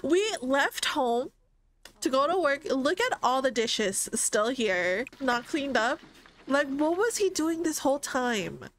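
A young woman casually commenting on a life-simulation game, chatty and excitable, often voicing her characters' thoughts. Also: high voice, takes it slowly. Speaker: gaming streamer. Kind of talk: casual let's-play commentary.

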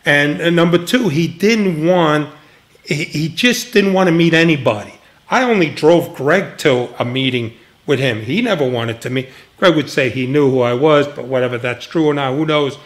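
A man's voice: on the high side, normal speed. An older man, a retired agent, telling stories in a casual interview and acting out the voices of the people he quotes, laughing now and then. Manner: animated storyteller, acts out quoted voices, laughs often.

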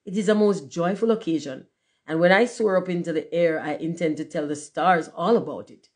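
A woman voicing a cheerful little fire balloon in a storybook reading, eager and bright. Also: fairly low pitch, a little fast, close to an everyday voice.

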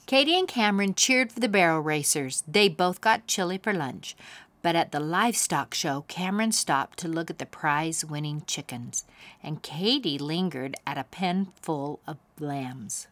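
A woman reading a children's picture book aloud as a storyteller, with expressive, animated delivery. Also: low-pitched, moderate pace, no room sound.

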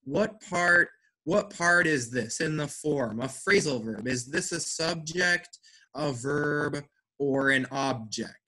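A man's voice: a little high, animated, slow, pushed and bright. A man teaching an English lesson online over a video call. He explains things patiently, step by step, and encourages his students.

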